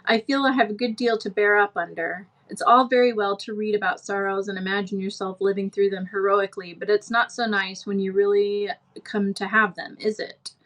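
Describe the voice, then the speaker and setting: A woman reading aloud as an eager little orphan girl who gushes on and on, dreamy and imaginative. Her voice sits at an ordinary pitch for a woman and stays close to the reader's own. It comes across as a storybook read-aloud. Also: steady tone, fairly quick, few pauses, fairly bright tone, close to an everyday voice. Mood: wistful. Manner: gushing, talkative.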